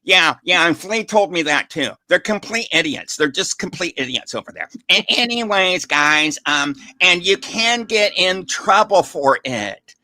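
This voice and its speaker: A man's voice: sits high, lively intonation, measured pace, few pauses, sharp tone, no room sound. A man co-hosting a livestream, talking in sarcastic, mocking banter with stammering restarts. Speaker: co-host.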